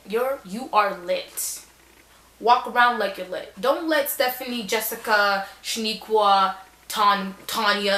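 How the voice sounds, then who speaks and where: A woman's voice: medium pitch, a bit bright. Young woman vlogger, chatty and sassy, mid-range voice, echoey room. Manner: chatty, sassy, slangy, with playful acted-out quotes. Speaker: vlogger giving advice. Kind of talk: casual advice Q&A.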